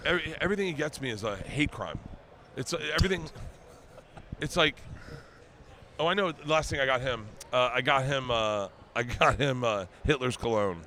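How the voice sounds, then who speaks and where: A middle-aged man, a comedian guest on a podcast, telling animated stories in casual chat and acting out the dialogue. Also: mid-range voice, moderate pace, pauses often, a little hiss or hum. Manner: animated storyteller, acts out quoted dialogue.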